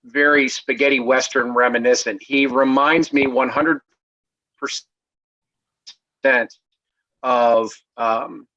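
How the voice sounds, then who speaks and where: A man's voice: medium pitch, fairly even intonation, slow, long pauses, pushed and bright, no room sound. A middle-aged man in a casual review chat, rambling and restarting his sentences as he reaches for the point. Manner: rambling, many fillers and restarts. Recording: dull dry lo-fi remote mic.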